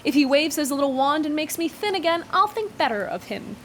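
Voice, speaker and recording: A woman's voice: high voice, very animated, brisk, fairly bright tone, a little hiss or hum, pitched above the performer's own voice. Vain old cook, self-satisfied and mocking; a woman reading the story aloud does him in a lifted voice. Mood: scornful. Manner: sneering, chuckling, self-satisfied.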